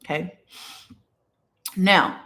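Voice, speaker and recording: Extremely slow, bright, and forceful, a spiritual teacher's voice carries a casual live stream lesson taught from notes. They frequently ask "okay?" and stop to greet viewers along the way. The stream comes from a small room with incense and a burning candle.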